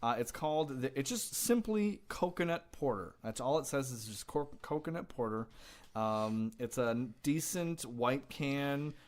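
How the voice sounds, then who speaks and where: A man's voice: mid-range voice, expressive, a little slow. Rambling young male podcast co-host. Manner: rambling, filler-heavy, easily laughing. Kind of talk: casual chat.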